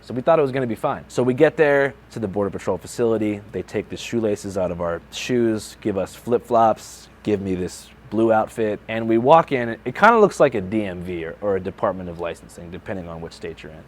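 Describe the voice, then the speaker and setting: A man's voice: lowish voice, darkish tone. A young man, a journalist and video creator, casually recounting a story with lots of "like" and "you know". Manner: laid-back, filler-heavy, lots of "like".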